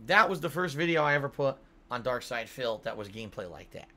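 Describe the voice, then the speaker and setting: Man, home streamer, casual rambling chat to chat, bright forceful tone, a little tired. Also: medium pitch, expressive, fairly quick. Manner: rambling, swears casually, reads donor messages aloud. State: yawning, tired.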